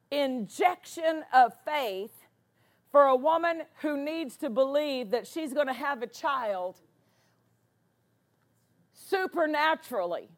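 A woman pastor preaching a sermon, driving points home by repeating words for emphasis. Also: high-pitched.

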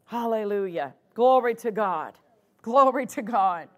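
Woman pastor, high voice, unhurried sermon delivery, church sanctuary. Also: expressive, a bit bright. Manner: preaching with repeated exclamations of praise.

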